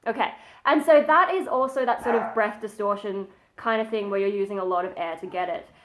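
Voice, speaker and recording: Speaking briskly in a mid-range voice over some background noise, a woman at home offers a casual metal vocal tutorial. She's chatty and modest, often breaking off to demonstrate sighs and growls.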